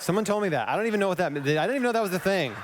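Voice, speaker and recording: A man speaking on stage at a live event, telling a personal story with animated, self-deprecating asides to the audience. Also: sits high, very fast, noisy background. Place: large event hall on stage. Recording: long hall reverb.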